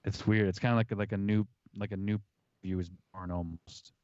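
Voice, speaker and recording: A man's voice: fairly low pitch, steady tone, moderate pace, darkish tone, no echo, dull audio. A man talking as a guest in a casual podcast chat, laid-back, laughing often and swearing casually. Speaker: guest musician.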